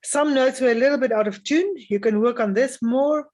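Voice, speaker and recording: A woman adjudicating a music festival, giving calm, encouraging spoken feedback to young string players with frequent "um" pauses. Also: high voice.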